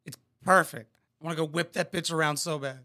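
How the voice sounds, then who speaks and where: Sarcastic, foul-mouthed man with bright voice. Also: fairly high pitch, steady tone, fairly quick. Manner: crude, sarcastic, mocking asides. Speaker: reaction video host. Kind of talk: profane reaction commentary.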